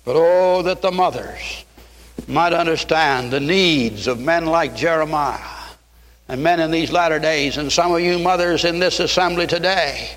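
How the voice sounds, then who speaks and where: A man's voice: a little high, a little slow, a bit bright. A man preaching a fervent sermon in a church, quoting scripture in old-style English. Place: church sanctuary. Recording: long hall reverb.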